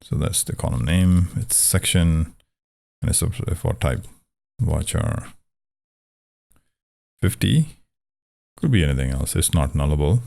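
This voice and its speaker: A man's voice: a bass voice, lively intonation, slow, creaky, long pauses, dark tone. A man giving a casual coding tutorial, talking through his steps aloud, correcting himself and joking wryly along the way. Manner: thinking aloud, conversational, self-correcting; wry, joking about pronunciation. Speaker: programming tutor. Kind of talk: casual screen-share coding walkthrough.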